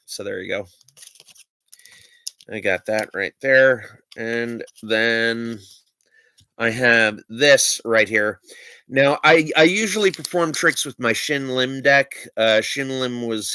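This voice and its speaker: A man's voice: fairly low pitch, pushed and bright, no room sound. A man casually showing his trick cards on a stream, rambling and hesitant, with many fillers and restarts. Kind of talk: casual show-and-tell of magic cards.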